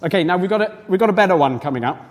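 A man's voice: high voice, very fast. A man leading a family church service, rousing the children to join in with fanfares and cheers. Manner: lively, rousing a crowd of children. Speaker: church leader. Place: large hall or church. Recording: echoey hall.

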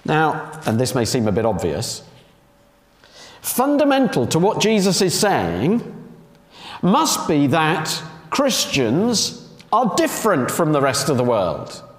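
A man's voice: a little high, wildly swooping pitch, takes it slowly. A man preaching a sermon, emphatic, repeating key phrases and asking rhetorical questions. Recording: echoey hall with long reverb.

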